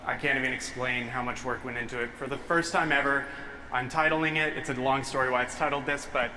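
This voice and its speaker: A young man, a photographer, telling an excited and emotional story to a live audience, getting choked up as he talks. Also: mid-range voice, fairly quick. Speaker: photographer presenting his work. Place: large hall with a live audience. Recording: long hall reverb, faint room noise.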